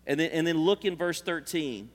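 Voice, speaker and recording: Male preacher, fairly high voice, earnest and conversational, in a reverberant church hall. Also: normal speed. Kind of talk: sermon. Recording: long reverb of a large hall.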